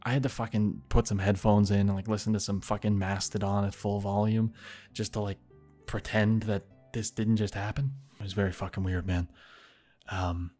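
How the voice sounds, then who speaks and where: A man's voice: lowish voice, level tone, normal speed, mellow, soft background music. A young man casually telling a story about an odd neighbor, swearing often and muttering asides.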